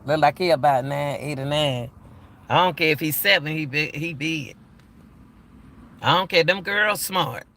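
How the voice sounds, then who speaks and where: A man's voice: fairly high pitch, moderate pace, vocal fry, pauses often, sharp tone. An older man giving casual, emphatic commentary as a channel host, often repeating himself. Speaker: YouTube commentator.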